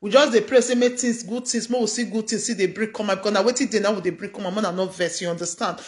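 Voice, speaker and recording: A woman's voice: medium pitch, fairly even intonation, very fast. A middle-aged woman with a Nigerian accent, chatting through a gossip story in a casual commentary style and often asking "you understand?". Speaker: gossip vlogger.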